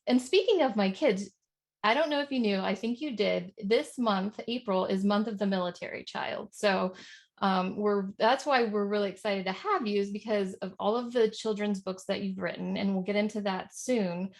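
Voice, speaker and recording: A woman's voice: mid-range voice, moderate pace. Chatty woman hosting an interview. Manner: friendly, chatty questions with fillers. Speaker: interview host. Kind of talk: casual interview chat.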